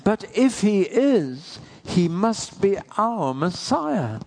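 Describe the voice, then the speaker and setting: A man's voice: high-pitched, big pitch swings, takes it slowly, gravelly, a little mellow, voice pushed up, full character voice. A man preaching who quotes an earnest young woman, raising his voice a little for her searching questions.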